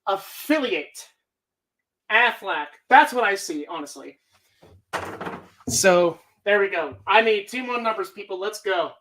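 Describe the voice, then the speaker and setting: A woman's voice: medium pitch, lively intonation, measured pace, a bit bright. A woman hosting a live stream, talking casually in a rambling, profane way. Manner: rambling, heavy swearing. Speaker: streamer host.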